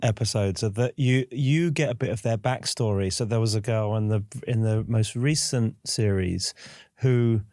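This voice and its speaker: A man's voice: fairly low pitch, normal speed, darkish tone, no room sound. Male co-host, enthusiastic talker, dry studio sound. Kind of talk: casual conversation.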